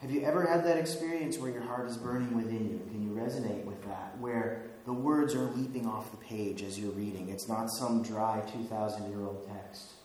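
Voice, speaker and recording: A man's voice: fairly low pitch, fairly even intonation, normal speed, hardly any pauses, a little mellow. A man preaching a sermon as pastor, talking conversationally, chuckling now and then and asking the listeners questions. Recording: very echoey hall with faint hiss.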